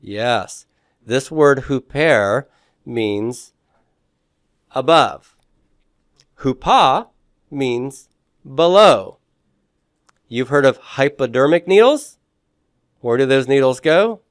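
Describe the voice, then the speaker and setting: A man's voice: mid-range voice, expressive, slow pace, pauses often, no room sound, clean studio sound. A man teaching a beginners' Greek lesson, explaining patiently and often checking in with "okay?". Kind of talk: classroom lecture.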